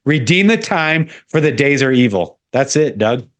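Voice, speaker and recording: A man's voice: mid-range voice, big pitch swings, moderate pace. A man speaking as a podcast guest in a fervent, preaching style, quoting scripture often.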